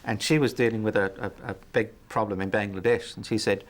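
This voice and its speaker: A man's voice: on the low side, fairly even intonation, a little fast. A middle-aged man telling his life story in an interview, reflective and hesitant, with many fillers and frequent chuckles. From New Zealand. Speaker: interview guest.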